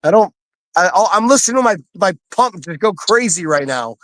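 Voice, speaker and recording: A man co-hosts the chat with a high, very lively voice, joking and swearing freely. He calls in from a pool over a video call, and the sound is dry and close. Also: fairly quick, dry recording. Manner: joking, profane, laughing often. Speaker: co-host. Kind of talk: casual chat.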